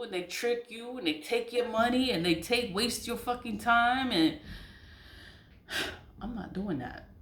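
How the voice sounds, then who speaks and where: A woman talking in a casual, unscripted monologue as a spiritual vlogger. She is blunt and profane, repeats phrases for emphasis, and mocks others in high, exaggerated voices. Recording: echoey room.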